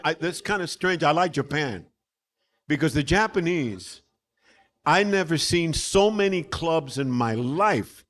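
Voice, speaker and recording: A man's voice: on the high side, fairly bright tone. An older male musician whose first language is Spanish, talking loosely and repeating himself as a guest on a live panel. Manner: loose, repetitive, laughs often, trails off. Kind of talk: live panel discussion, storytelling.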